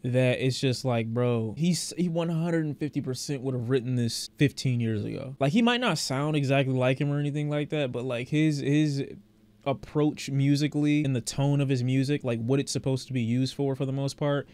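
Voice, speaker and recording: Over the album playing in the background, a male reviewer gives a casual, wandering reaction, repeating words and singing along now and then. He speaks at a moderate pace with a medium pitch and a darkish tone.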